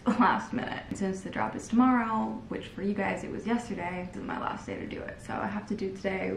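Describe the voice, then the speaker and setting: A young woman chats at home in a casual vlog, giggling and wandering off into rambling asides. Her mid-range voice is creaky, and the built-in camera mic picks up an echoey room plus a little hiss or hum.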